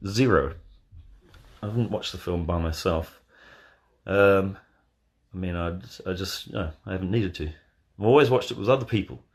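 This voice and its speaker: A man hosting a casual live watch party from bed, answering chat questions in a deadpan, joking way. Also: sits low, normal speed, husky. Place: in bed at home. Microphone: phone.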